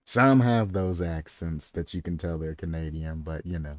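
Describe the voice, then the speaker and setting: A man's voice: sits low, moderate pace, few pauses, no room sound. A young American man with a rural accent, chatting casually as a streamer, rambling and laughing often. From United States. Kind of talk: casual chat.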